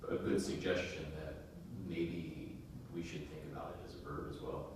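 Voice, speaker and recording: A man's voice: flat delivery, moderate pace. A man leading a casual group discussion, affirming others and restarting his sentences often. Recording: very echoey room, distant mic, faint rumble.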